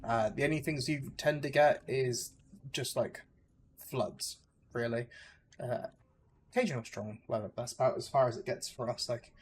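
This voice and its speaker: Streaming a game, a young Englishman keeps up casual chat with his viewers, hesitating constantly and filling gaps with likes and uhs as he rambles. He speaks at normal speed in a steady, mid-range voice over a little hiss or hum.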